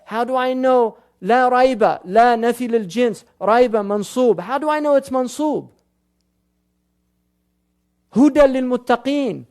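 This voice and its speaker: A man's voice: extremely high pitch, a little mellow, clean tone. A male scholar giving a religious lecture, firing rhetorical questions at the audience and weaving Arabic terms into his talk. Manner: questions the audience rapidly, quotes classical sources.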